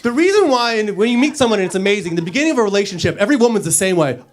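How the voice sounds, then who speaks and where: Performing stand-up in a club, a man with a high voice talks very fast. He's animated, acting out little scenes and doing silly character voices.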